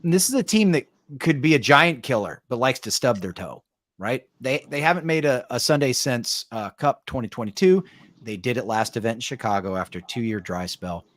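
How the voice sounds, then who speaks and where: A man's voice: mid-range voice, expressive, normal speed, a bit bright, no echo, studio quality. A man coaching paintball, casually analyzing teams on a podcast, with frequent fillers and tag questions like "right?". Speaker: paintball coach and show panelist.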